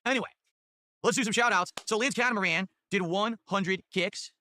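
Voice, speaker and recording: A man's voice: sits high, moderate pace, sharp tone, no echo, studio quality. A man livestreaming, thanking donors and boasting in a chatty, casual way.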